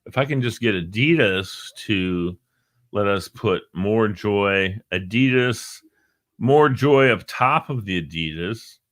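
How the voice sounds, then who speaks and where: A man's voice: fairly low pitch, expressive, slow, a bit bright, no room sound, clean studio sound. A middle-aged man hosting a live online show, chatting casually, joking and reading out viewers' names. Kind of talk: casual live-stream chat.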